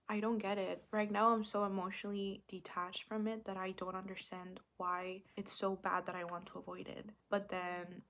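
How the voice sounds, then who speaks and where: A woman's voice: medium pitch, flat delivery, normal speed, few pauses, a bit bright. A young woman hosting her own podcast, talking earnestly and confessionally, often dropping into a whisper. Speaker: podcast host. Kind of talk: reflective solo talk.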